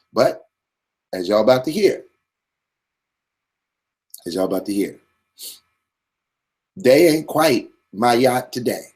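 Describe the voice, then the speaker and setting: A man's voice: mid-range voice, darkish tone. A man hosting his own channel, giving a blunt, profane, streetwise commentary monologue with a preachy swagger.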